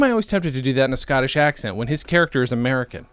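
A man co-hosting a comedy podcast in loose, improvised chat. He slips into playful deadpan bits. His mid-pitched voice sits close and dry on the mic. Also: rapid-fire, smooth, no echo. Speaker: podcast co-host.

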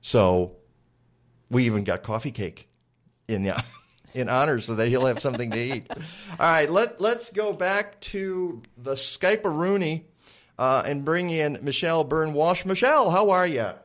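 A man's voice: fairly high pitch, a little slow, fairly bright tone. A man hosting a radio show from the studio, chatty and rambling, with lots of fillers. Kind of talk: casual radio talk.

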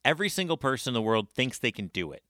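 A man co-hosting a podcast in casual chat, animated and emphatic. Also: medium pitch, fast talker, no echo, clean studio sound. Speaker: podcast co-host.

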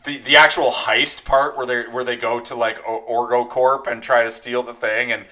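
A man co-hosting a casual movie review podcast, animated and laughing often, acting out quotes in bursts. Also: mid-range voice, moderate pace. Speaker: podcast co-host. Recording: dull lo-fi podcast audio.

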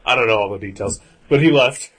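A man's voice: lowish voice, fast, fairly bright tone, husky. A man talking casually about an old film, rambling with lots of fillers and restarts.

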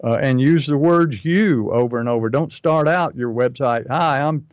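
A man's voice: medium pitch, moderate pace, a little mellow, dry recording, dull audio. A man co-hosting a talk, giving business advice in an emphatic, repetitive way that drives each point home.

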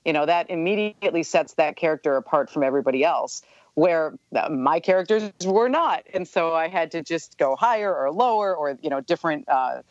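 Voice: medium pitch, animated, fairly quick, no echo. Chatty interview guest, author type, lots of "you know" asides; muffled, dead-dry recording. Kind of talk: casual interview chat.

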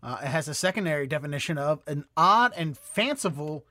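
High-voiced Boston host, stumbling. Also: male voice, animated, a little fast, pushed and bright, dry recording. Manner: rambling, stumbles over words. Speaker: podcast host. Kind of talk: hosting a casual comedy podcast.

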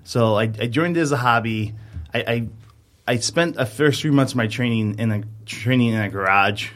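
A man's voice: mid-range voice, moderate pace, a bit bright. A man in his thirties, a podcast co-host, telling a long rambling story in casual chat, full of fillers.

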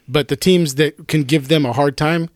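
A man with a slightly high voice jokes and teases his co-hosts in casual podcast banter. His voice sounds close and dry. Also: steady tone, moderate pace, no room sound. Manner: joking, teasing. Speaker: podcast co-host. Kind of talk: casual sports chat.

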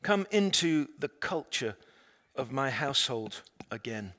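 A man preaching a sermon, retelling a story dramatically and swinging between loud, emphatic lines and hushed, quiet ones. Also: medium pitch, big pitch swings, unhurried. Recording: long reverb of a large hall.

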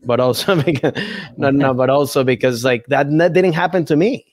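A man's voice: medium pitch, normal speed, a little mellow, dry recording. A man guest in a casual interview, rambling and restarting his thoughts as he explains his approach. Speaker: comedian guest.

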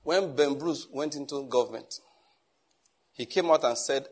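A man's voice: medium pitch, measured pace, breathy edge. A man preaching a sermon in a conversational way, acting out little dialogues as he teaches. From Nigeria.

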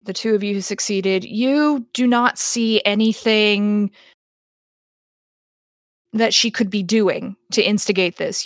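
A woman's voice: mid-range voice, no room sound, clean studio sound. A woman acting as game master who narrates a tabletop game in a descriptive way, often restarting her sentences.

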